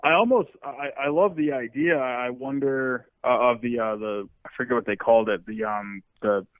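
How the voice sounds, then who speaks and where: A man's voice: mid-range voice, moderate pace, no room sound. A man calling into a show, rambling and searching for words as he chats casually. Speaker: caller. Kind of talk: casual phone chat. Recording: tinny phone line.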